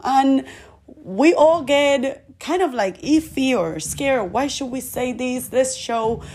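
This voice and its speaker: In a recorded sermon that ends with an altar call, a woman preaches earnestly, posing rhetorical questions before leading her listeners in prayer. Her voice sits high and has a slightly mellow quality.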